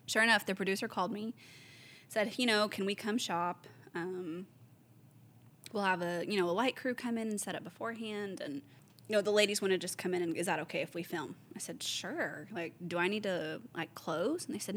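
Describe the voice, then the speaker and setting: A woman, a store owner casually telling lively stories, acting out the voices of the people she quotes. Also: lowish voice, fairly quick. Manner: animated storyteller, acts out quoted voices, laughs often. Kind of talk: casual chat.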